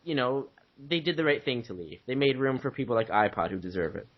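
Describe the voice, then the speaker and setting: A man's voice: medium pitch, very animated, fast talker. A young man co-hosting a podcast in casual chat, playful and bossy. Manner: playful, bossy, laughs a lot. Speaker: podcast co-host. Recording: dull lo-fi mic sound.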